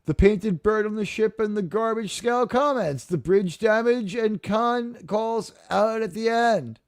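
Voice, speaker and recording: Jokey, rambling man with a fairly high voice. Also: measured pace, smooth, dry recording. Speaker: podcast host. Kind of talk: casual live review chat. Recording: dry close-mic sound.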